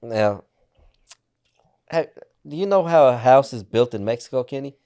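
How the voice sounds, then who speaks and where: A man's voice: mid-range voice, expressive, moderate pace, warm tone. A man co-hosting a podcast, casually asking blunt questions and swearing. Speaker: podcast co-host. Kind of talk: casual chat.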